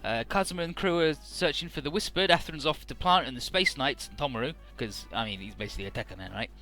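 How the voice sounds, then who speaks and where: A man's voice: mid-range voice, quick pace, sharp tone, faint music behind. A man casually recapping a video game story for his let's play, chatty and full of "uh" and "he's like".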